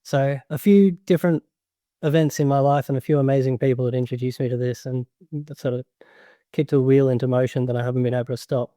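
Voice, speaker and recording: Guest: man, mellow tone, dry close recording, earnest and rambling. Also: medium pitch, steady tone, fast, no echo. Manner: earnest, rambling, frequent fillers and restarts. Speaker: podcast guest, grower and educator. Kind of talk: casual interview chat.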